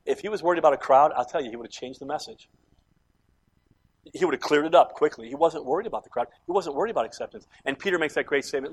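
A man preaching a sermon as pastor, moving between quiet, intimate passages and loud, fervent climaxes. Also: on the high side, quick pace, breathy edge. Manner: impassioned preaching that swings between soft and loud.

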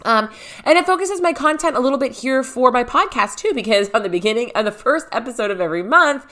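A woman's voice: on the high side, lively intonation, fast talker, pushed and bright. Bubbly, chatty woman podcast host. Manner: bubbly and chatty, laughs often. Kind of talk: casual podcast chat. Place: home. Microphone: podcast microphone.

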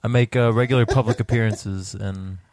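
A man's voice: lowish voice, steady tone, fairly quick, a little mellow, no room sound. A man as podcast guest, joking drily with hesitant fillers. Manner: hesitant, dry humor. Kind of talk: casual chat.

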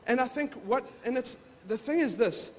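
A man's voice: extremely high pitch, normal speed. A male pastor preaching in a casual, conversational way, often repeating words as he goes. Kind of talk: casual sermon. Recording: reverberant hall.

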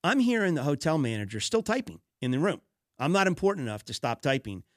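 A man's voice: fairly high pitch, big pitch swings, fast, no echo, clean studio sound. Exasperated man hosting a business podcast. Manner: conversational, storytelling with frequent fillers and restarts; exasperated complaining about poor service. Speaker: podcast host. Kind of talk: business advice monologue.

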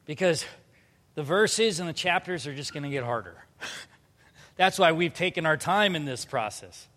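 A man in his thirties preaching a sermon, animated, moving from loud emphatic bursts to quiet earnest passages. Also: on the high side, a little slow, in a large hall. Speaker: pastor.

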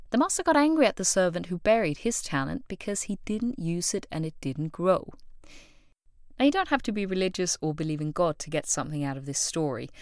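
A woman's voice: fairly low pitch, no room sound, clean studio sound. A woman hosting a solo motivational podcast, telling stories expressively and acting out the voices of people she quotes. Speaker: podcast host.

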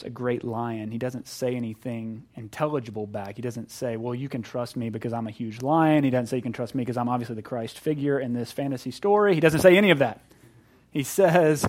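A middle-aged man preaching a sermon, animated, acting out voices and swinging between loud emphasis and hushed moments. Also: medium pitch. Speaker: pastor.

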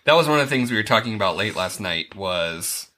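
A man's voice: on the low side, lively intonation, brisk, bright, forceful tone. A man hosting a casual podcast, asking a child questions and explaining things plainly. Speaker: podcast host interviewing a child. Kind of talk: casual chat.

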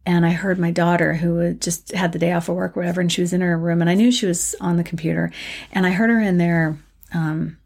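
A middle-aged woman with a low, gravelly voice, chatting on a spiritual vlog. She rambles loosely and often trails into fillers and restarts, keeping it casual and unscripted. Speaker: spiritual vlogger.

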